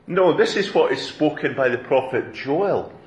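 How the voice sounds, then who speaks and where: A man voicing the apostle Peter as he hushes a crowd and speaks to it with raised, emphatic urgency. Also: fairly high pitch, lively intonation, moderate pace, reverberant, close to an everyday voice. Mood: urgent, emphatic.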